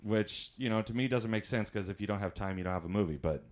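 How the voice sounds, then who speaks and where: A man's voice: fairly low pitch, fast talker. A man doing stand-up comedy, telling chatty stories, laughing at his own jokes and acting out voices.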